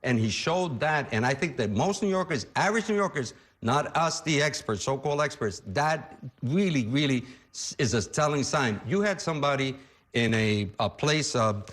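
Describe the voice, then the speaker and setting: A man's voice: medium pitch, lively intonation, moderate pace, fairly bright tone. Blunt emphatic male political pundit. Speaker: political commentator. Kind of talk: studio panel discussion.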